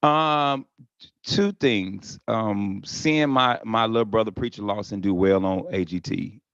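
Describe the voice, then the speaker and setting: A man's voice: on the low side, a little slow, fairly bright tone, clear, resonant tone, dry recording. A middle-aged man, a guest comedian, telling stories in a casual podcast chat. He briefly mimics the people he quotes and swears freely. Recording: slightly dull lo-fi sound.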